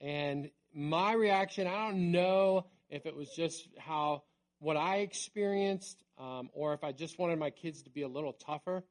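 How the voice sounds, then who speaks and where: A middle-aged man preaching a sermon in a conversational way, dropping to a near hush on key words. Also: fairly high pitch, a little slow. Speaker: pastor.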